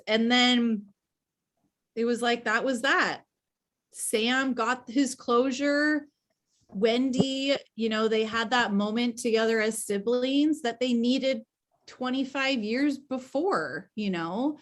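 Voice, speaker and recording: A woman hosting a book club on a video call, retelling the story in an animated and emotional way. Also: a little high, takes it slowly. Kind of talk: casual book discussion.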